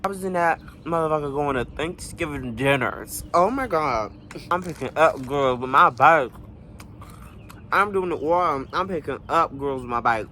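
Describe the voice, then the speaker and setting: A young man in a casual storytime vlog, animated and slangy, swearing freely and jumping into high exclamations. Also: normal speed, a little hiss or hum. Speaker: vlogger.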